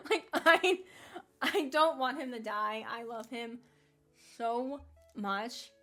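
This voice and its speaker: A woman with a slightly high voice hosts a casual anime fan commentary. She rambles in an animated way, laughing often and restarting her sentences. Faint music plays in the background. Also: slow pace.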